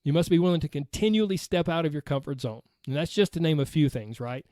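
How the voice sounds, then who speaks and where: A man with a Southern accent talks through a solo podcast episode as a weight loss coach. His voice sits high for a man, and the sound is dry with no room around it. He is earnest and motivational, and he keeps checking in with a quick "right?". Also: mellow, dry recording.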